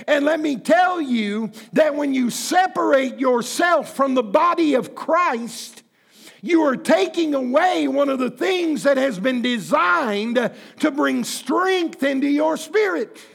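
A pastor in his fifties preaching a sermon in church, impassioned and folksy, with bursts of shouting. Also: very high voice, lively intonation, slow pace, creaky. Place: church sanctuary.

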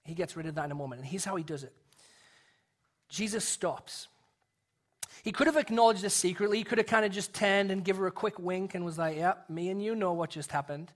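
Earnest high-voiced male preacher. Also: brisk, pauses often. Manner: earnest, drops to a soft hush for emphasis. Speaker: pastor. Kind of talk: sermon.

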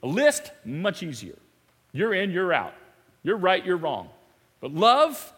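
A man preaching a sermon. He is animated and emphatic, repeats phrases and laughs often. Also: high voice, measured pace, breathy edge, big-room sound. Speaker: pastor. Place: church sanctuary.

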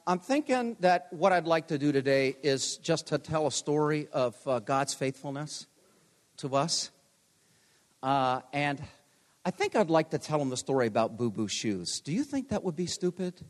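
A man's voice: on the high side, lively intonation, a little slow, pauses often. A man in his sixties, a pastor giving a homecoming chapel sermon, telling stories with self-deprecating humor. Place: large chapel. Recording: long hall reverb.

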